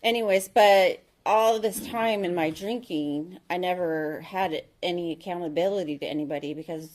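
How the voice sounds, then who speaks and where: A woman in her thirties telling her recovery story as an AA meeting speaker. She speaks candidly and haltingly, with many ums and restarts. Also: on the low side, a little mellow.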